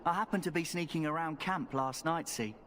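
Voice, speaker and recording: Daveth, ein Mann spricht einen frechen jungen Rekruten. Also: male voice, fairly high pitch, a little fast, fairly bright tone, a little hiss or hum, close to an everyday voice. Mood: cocky. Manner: cocky, joking, conspiratorial. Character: cheeky young male recruit, a sly thief.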